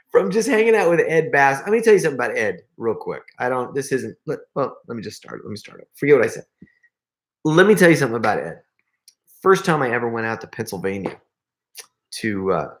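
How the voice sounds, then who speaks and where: A middle-aged man hosting a casual live stream, telling a story and reading out viewer comments, often restarting sentences and laughing as he talks. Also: lowish voice.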